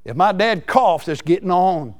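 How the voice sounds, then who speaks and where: A man preaching a folksy, excitable sermon. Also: high voice, normal speed, a little hiss or hum. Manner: excitable, folksy, laughs between lines.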